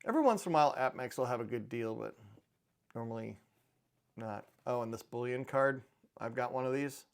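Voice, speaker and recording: A man's voice: medium pitch, lively intonation, a little fast, creaky. A middle-aged man hosting a channel on precious metals, chatting casually and rambling with dry, offhand humor. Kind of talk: casual chat to camera.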